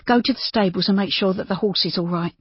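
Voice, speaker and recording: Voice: mid-range voice, fast, breathy edge, no room sound, pitched above the performer's own voice. An audiobook narrator voicing a distressed middle-aged mother who cries out passionately and urgently. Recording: dull lo-fi dry.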